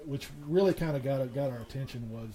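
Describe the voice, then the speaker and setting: A man, a guest on a talk show, telling a ghost story in a halting way. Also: mid-range voice, warm tone, poor audio. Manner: halting, full of restarts and fillers.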